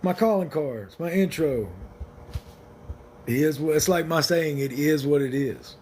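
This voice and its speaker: A man chats on a livestream in a blunt, rambling, joking way. His voice sits a little high for a man, with faint ambience in the background. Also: a little slow, a little mellow, slight background noise. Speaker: livestream host. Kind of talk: casual livestream chat with viewers.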